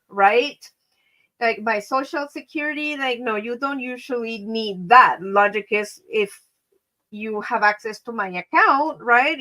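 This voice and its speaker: A woman hosting a casual live stream from home, chatting to her viewers as friends and telling a story with animated energy. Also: a little high, poor audio. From Mexico.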